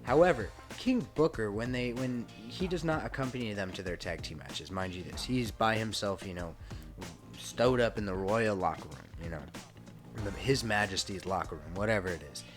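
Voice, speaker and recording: A man giving casual commentary over a wrestling game, chatty and rambling, with frequent swearing and asides. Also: fairly low pitch. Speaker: gaming channel host.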